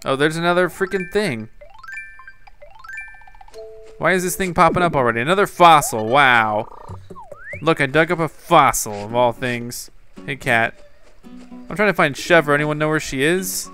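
A man in casual gameplay commentary, his voice bright and fairly high for a man. He talks slowly and loosely, muttering to himself and chatting with someone off-mic. Soft game music plays underneath. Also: animated. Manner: repeatedly shouts a name into the game mic. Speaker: gaming YouTuber.

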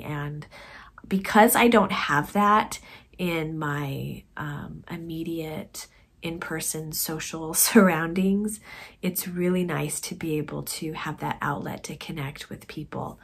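Woman, knitting vlogger, casual chat, low-ish voice, husky, soft trailing delivery. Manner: chatty, soft-spoken, trails off into quiet.

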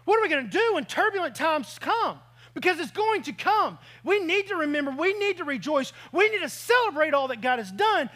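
A man's voice: very high-pitched, very animated, brisk, sharp tone. A man preaching a sermon as pastor, telling a personal story and acting out his own reactions along the way.

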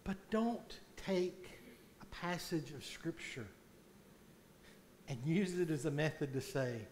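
A man preaching a sermon as pastor in a church, slow and deliberate, swelling loud on key points. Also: fairly high pitch, animated, slight background noise. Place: church sanctuary.

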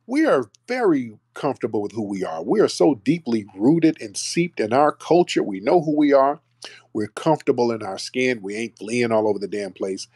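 A man's voice: medium pitch, very animated, moderate pace, darkish tone, husky, dry recording. A man hosting a live call-in stream, talking in a brash, mocking way with blunt slang. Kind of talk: casual live call-in banter.

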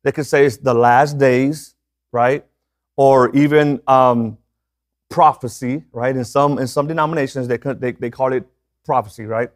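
A man's voice: medium pitch, fairly even intonation, moderate pace. A man preaching a sermon as a pastor in a conversational way, often checking in with his listeners.

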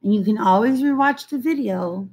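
A woman teacher giving a recorded reading lesson for young children, repeating each word slowly and coaxing them along. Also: a little high, a little mellow. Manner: slow, drawn-out word repetition, coaxing.

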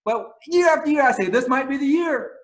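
Animated high-voiced preacher man. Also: fairly quick. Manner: animated storytelling, rising to loud exclaims; soft prayerful closing. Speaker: pastor. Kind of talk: sermon.

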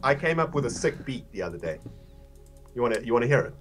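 A man's voice: mid-range voice, fast. Guy on a livestream, bouncy voice, laughs a lot, music faintly under him. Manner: animated, laughs often. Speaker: streamer reading donations. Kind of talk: casual livestream chat.

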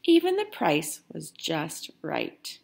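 A woman reading a children's picture book aloud in an expressive, unhurried storytelling manner. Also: low-pitched, creaky, slightly rough. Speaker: storybook reader.

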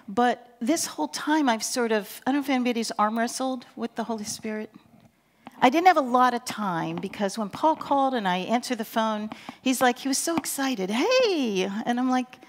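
A woman in her sixties from Pennsylvania, a counseling professor giving a reflective, conversational seminar talk at a church, with frequent fillers and a voice that often drops soft and low. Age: 60s.

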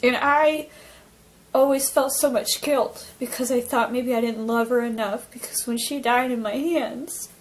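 A young woman from Alaska recounting a personal near-death experience, talking in an emotional, halting way with many fillers and restarts. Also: on the high side, steady tone, poor audio. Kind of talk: personal testimony, casual storytelling.

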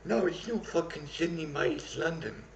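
A man's voice: a little high, moderate pace, vocal fry, reverberant, dull audio, a little hiss or hum. A man playing a drunk stranded guy who swears and demands a cab, calling everyone "mate", in a comedy sketch. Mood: confused. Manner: belligerent, swearing, says "mate" constantly.

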